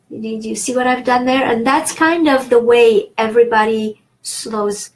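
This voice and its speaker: Slow-speaking French woman teaching. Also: a little high, steady tone, low-quality recording. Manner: slow, deliberate, stretched vowels. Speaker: language teacher. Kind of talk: online language lesson.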